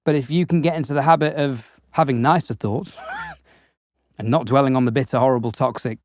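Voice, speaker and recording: A man co-hosting a podcast in casual chat, giving gentle, reflective advice on a close studio mic. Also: mid-range voice, wildly swooping pitch, fairly quick, dry recording. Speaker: podcast co-host.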